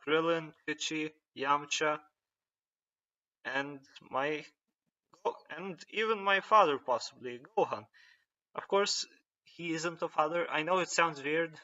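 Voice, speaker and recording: A man's voice: fairly high pitch, sharp tone. A young man casually retelling a story, rambling and hesitant, with many fillers and restarts. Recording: dull lo-fi recording.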